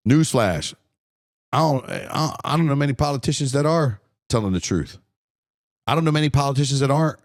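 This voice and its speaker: A man in his forties rants alone on his podcast, blunt and profane, stumbling over repeated words as he gets heated. His voice sits at an ordinary middle pitch. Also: a little mellow. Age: 40s. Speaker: podcast host. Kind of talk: solo podcast rant.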